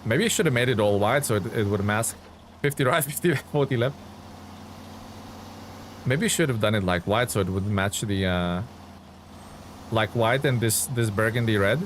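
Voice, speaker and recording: A man's voice: lowish voice, animated, moderate pace, pauses often, slight background noise. A young man streaming a driving game, chatting casually and answering viewers' comments as he plays. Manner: chatty, reads chat aloud and answers viewers.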